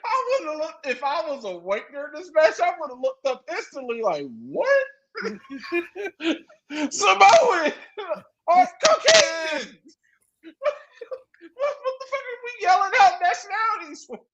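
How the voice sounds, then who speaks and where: High, lively voice with loud laughing outbursts. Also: normal speed, low-quality recording. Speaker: podcast co-host. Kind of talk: casual wrestling recap chat.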